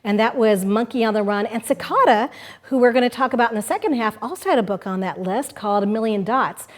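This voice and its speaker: A woman's voice: on the high side, animated, fast. A woman co-hosting a live-streamed book show and reading a picture book aloud in an enthusiastic, playful way. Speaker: co-host.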